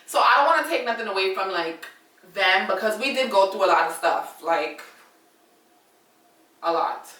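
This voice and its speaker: A woman's voice: mid-range voice, lively intonation, moderate pace, pauses often, bright, forceful tone, distant mic. Chatty woman telling a story, echoey room. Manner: chatty, dramatic, addresses viewers as y'all. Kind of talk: casual story time.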